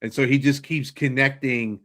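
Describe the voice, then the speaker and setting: A man's voice: medium pitch, moderate pace. A man co-hosting a casual TV recap show, retelling scenes and acting out the characters' lines. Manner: relaxed storyteller, acts out dialogue. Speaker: podcast co-host.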